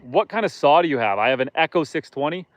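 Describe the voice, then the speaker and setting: A man's voice: on the high side, lively intonation, fast, dry recording. A man hosting a casual live stream outdoors on a lake from a boat, chatting with viewers in a joking, self-deprecating way.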